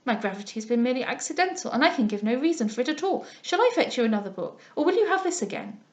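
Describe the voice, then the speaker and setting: A woman's voice: on the high side, brisk, highs cut off, lightly acted. A woman reading aloud, voicing an anxious, flustered young woman who protests eagerly. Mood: agitated.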